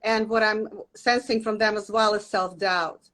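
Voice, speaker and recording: A woman's voice: mid-range voice, normal speed, poor audio. A woman speaking as a Reiki teacher and guest in casual, earnest conversation from her home studio. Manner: warm, earnest, softly emphatic. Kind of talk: casual interview chat.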